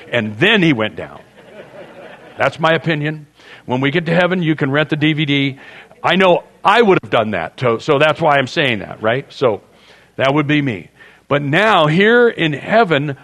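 A man's voice: mid-range voice, fairly bright tone. A man preaching a sermon as a pastor, in a conversational, joking storytelling manner.

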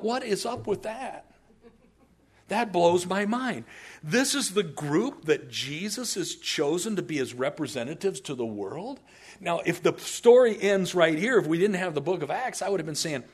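A man's voice: high voice, animated, moderate pace, slightly rough. A man preaching a sermon as a pastor, telling the story with animation and humorous asides.

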